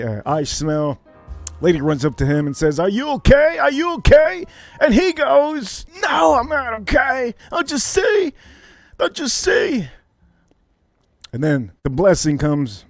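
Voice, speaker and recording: A man hosting a livestream, telling a story in a casual, profane, animated way and acting it out. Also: on the high side. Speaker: livestream host.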